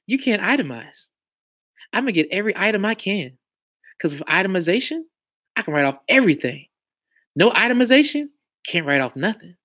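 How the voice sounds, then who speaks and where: Guy on a live stream, bright voice, loose slangy confident chat. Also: high-pitched. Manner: loose, conversational, slangy and self-assured. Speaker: credit and tax educator. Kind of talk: casual live-stream talk.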